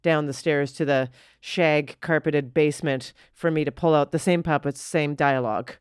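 Woman, lowish voice, smooth, dry close sound, animated storyteller. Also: normal speed, dry recording. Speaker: guest comedian. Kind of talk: casual chat.

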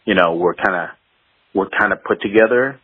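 A man with a husky, low-pitched voice tells rambling stories from his days as a guitarist and laughs between them. He comes through a thin, phone-like line. The sound is dry, with no room echo. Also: a little fast. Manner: rambling and anecdotal, laughs while telling stories. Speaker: guest musician, guitarist. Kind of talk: casual interview storytelling.

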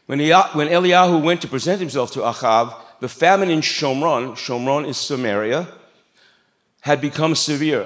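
A man's voice: a little high, normal speed, a bit bright. A middle-aged man preaching a sermon in a church, in a conversational, joking way with asides to the congregation. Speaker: pastor. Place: church sanctuary.

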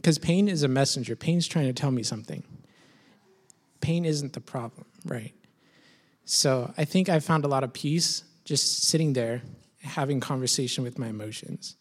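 A man's voice: mid-range voice, moderate pace, slightly rough. A man reflectively sharing personal struggles with a church group, thoughtful and searching, with some hesitation.

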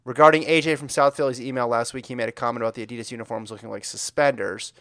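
A man of middle pitch co-hosts a casual running podcast. He reads listener emails aloud and drops in dry, deadpan jokes along the way. The sound is close and dry. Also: very fast, dry recording. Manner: dry, joking asides while reading. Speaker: podcast co-host.

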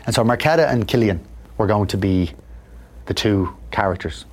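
A man with a lowish voice tells stories from his life as an interview guest. He talks in a reflective, conversational way and gives the people he quotes lively voices of their own. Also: normal speed. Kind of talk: candid conversational storytelling.

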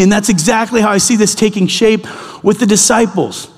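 A middle-aged male pastor telling a story in a sermon, animated and acting out the people in it. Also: sits high, quick pace. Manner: animated, acts out the people in his stories. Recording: long hall reverb.

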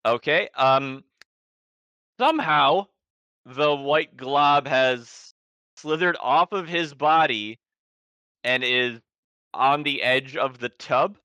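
A man narrates a tabletop horror game as its game master, pausing often on "um" and restarting his sentences. His voice is bright and smooth, and it sounds dry and a little dull, as if through a modest mic. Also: medium pitch, no echo. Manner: hesitant, many ums and restarts.

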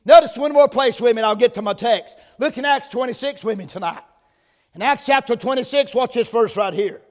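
A man preaching a sermon in a church. He opens with a quiet prayer, then preaches with rising, emphatic force. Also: very high voice, fairly quick. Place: church sanctuary. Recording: long reverb of a church hall.

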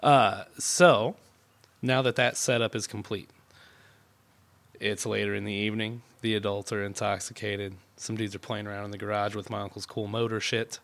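A man's voice: on the low side, moderate pace. A man co-hosting a casual podcast, telling a rowdy childhood story with lots of swearing and acted-out quotes. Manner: animated, profane storyteller who acts out quotes. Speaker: podcast co-host.

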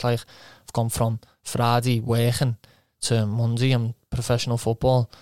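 Young footballer, chatty storyteller who swears, monotone voice, dry studio mic. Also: male voice, mid-range voice, normal speed, hardly any pauses, smooth, no room sound. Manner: rambling, swears, quotes himself, laughs often. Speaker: footballer guest. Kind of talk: casual anecdote.

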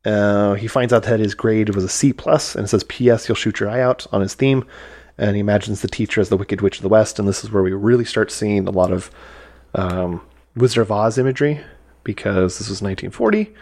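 Man, podcast host, casual movie chat, rambling, lowish voice. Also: fairly quick, darkish tone. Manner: rambling, with many fillers and acted-out quotes.

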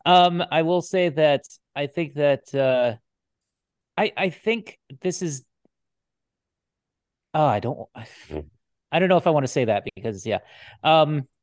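A woman guest on a fan podcast, speaking eagerly and chiming in with quick agreements. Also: sits low, lively intonation, darkish tone, no room sound, clean studio sound. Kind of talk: casual fan discussion.

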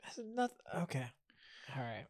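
A man co-hosting a casual comedy podcast, laid-back and teasing, pitching tips and laughing easily. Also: very animated, normal speed, no room sound, studio quality. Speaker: podcast co-host.

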